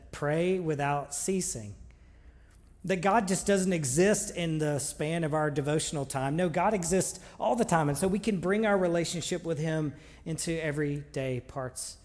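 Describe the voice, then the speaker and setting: A man's voice: fairly high pitch, a little mellow. A man preaching a sermon in a conversational, earnest way, with frequent restarts. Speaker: pastor. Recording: long reverb of a large hall.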